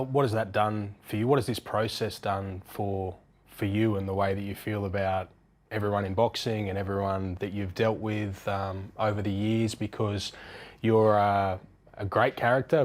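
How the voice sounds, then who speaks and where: Man, sports interviewer, low voice, even tone, measured, says um a lot. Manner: measured, with many ums. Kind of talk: sit-down interview.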